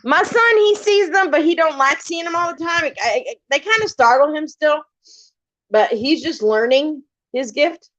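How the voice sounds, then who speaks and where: A middle-aged woman, chatting casually on a live stream and telling animated stories, often acting out the lines of the people in them. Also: high-pitched, moderate pace. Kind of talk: casual storytelling chat. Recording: muffled lo-fi live stream audio.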